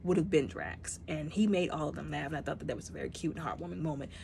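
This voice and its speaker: Woman vlogger reviewing a film, low voice, animated, acts out the characters' lines. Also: fast, gravelly, a little hiss or hum. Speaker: movie reviewer. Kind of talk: casual spoken movie review.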